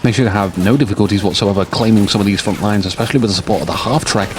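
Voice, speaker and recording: This tired man has a voice on the low side and talks in rapid-fire bursts while casting a late-night strategy war game. Between calling the action he rambles and jokes, often straying off topic, over the game's gunfire and vehicle sounds.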